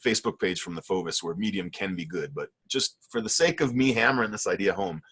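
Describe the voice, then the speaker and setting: His voice is deep and husky yet fairly bright, expressive and brisk. The middle-aged art teacher rambles eagerly while critiquing work in his online painting class, leaning on fillers and self-corrections.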